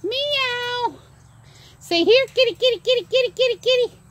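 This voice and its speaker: A woman's voice: very high voice, normal speed, a bit bright, no echo. A woman vlogger outdoors at an animal attraction, coaxing birds in a sing-song voice. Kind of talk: casual chat, baby talk to animals.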